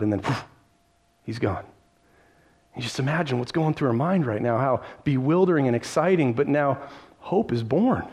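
A man's voice: medium pitch, animated, moderate pace, pauses often, darkish tone, husky. A man preaching a sermon, retelling a story vividly and addressing listeners directly, with frequent restarts. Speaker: pastor.

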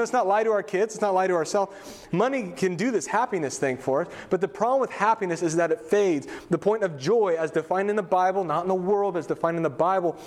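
Chatty pastor man preaching casually. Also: high voice. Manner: conversational, anecdotal, frequent fillers and asides. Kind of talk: casual sermon teaching.

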